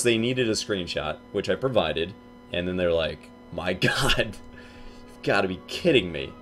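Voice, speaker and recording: Speaking in a lowish voice, a young man casually tells his viewers a story, acting out his friends' lines in both hushed and loud voices.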